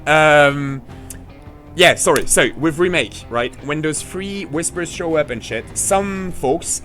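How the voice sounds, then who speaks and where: Rambling French-accented man streaming. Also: medium pitch. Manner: rambling, excitable, lots of fillers. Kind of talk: casual stream chat.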